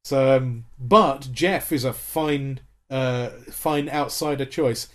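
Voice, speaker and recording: A man's voice: medium pitch, slow. A man in his thirties co-hosting a podcast, chatting with enthusiasm and many fillers and restarts. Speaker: podcast co-host. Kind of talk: casual chat about a TV series.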